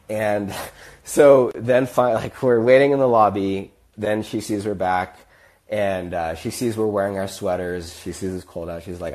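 Deep-voiced man telling a rambling story. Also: moderate pace, darkish tone. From United States. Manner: rambling, acts out quotes in other voices. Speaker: podcast host. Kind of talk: casual storytelling.

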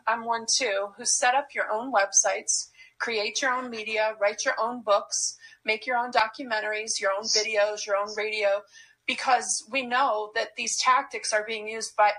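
A woman talk-show host speaks earnestly, backing up her guest. Her voice is bright, forceful and a little high. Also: rough recording. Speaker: podcast host. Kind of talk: casual talk show chat.

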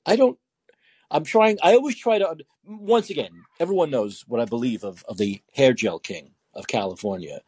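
A man hosts a late-night call-in show, mocking the news he reads aloud and laughing through it. His pitch swings widely and his voice has a husky edge. The sound is close and dry. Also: lively intonation, moderate pace, a little mellow, no room sound. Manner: sarcastic, laughing while reading news aloud. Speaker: talk show host.

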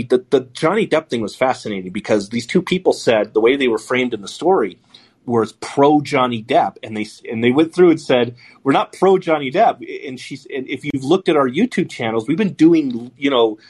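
A man's voice: medium pitch, husky. A man hosting a talk show, giving blunt, profane commentary and rambling with many restarts. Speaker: podcast host. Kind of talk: casual commentary.

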